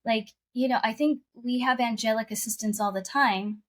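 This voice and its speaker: A woman's voice: a little high, normal speed. A woman guest telling a personal story in conversation, earnest and emotional, often repeating her phrases.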